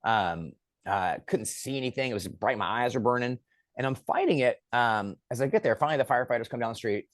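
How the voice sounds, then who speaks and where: A man's voice: mid-range voice, a little fast, dry recording. Dry-voiced man telling a story. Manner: lively storyteller who acts out quoted lines. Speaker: film director and guest. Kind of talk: casual storytelling.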